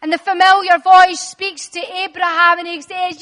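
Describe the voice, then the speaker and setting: A woman preaching a sermon, telling the story dramatically and acting out the voices, rising at times to shouts. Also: very high voice, flat delivery, normal speed, hardly any pauses. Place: church hall. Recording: long reverb of a large hall.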